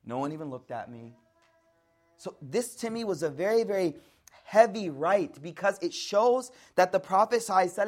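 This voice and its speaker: African american guy preaching a lively talk, chatty, acts out little voices. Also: high voice. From United States. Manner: animated, conversational, acts out voices to show tone. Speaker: Islamic teacher. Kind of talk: lively religious lecture.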